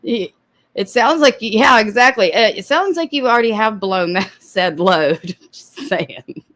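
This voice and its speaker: A woman's voice: medium pitch, lively intonation, measured pace, fairly bright tone. A woman hosting commentary on a live stream, sarcastic and often laughing, with casual swearing.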